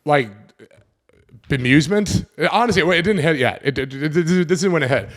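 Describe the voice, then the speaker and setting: A man in his twenties hosting a podcast, telling a personal story in a casual, animated way and acting out the voices of the people in it. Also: on the high side, moderate pace. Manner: animated, acts out quoted voices, swears casually. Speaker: podcast host.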